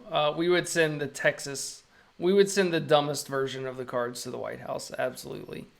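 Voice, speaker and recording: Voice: mid-range voice, fairly even intonation, normal speed, gravelly. An illustrator from the United States chatting casually and wryly while drawing on a live stream, joking often. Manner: wry, self-amused, joking often with laughs.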